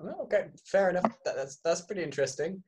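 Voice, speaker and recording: A man's voice: high voice, expressive, fast talker, breathy edge. A man co-hosting a podcast in a playful, teasing way, with a mixed Canadian and English accent, on a studio microphone. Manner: playful, teasing, self-mocking. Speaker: podcast co-host. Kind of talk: casual chat.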